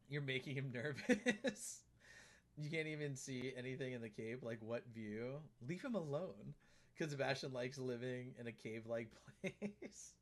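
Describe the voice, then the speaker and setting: A man's voice: mid-range voice, expressive, slow, a bit bright. A man streaming a game live, chatting casually and teasing an on-screen character.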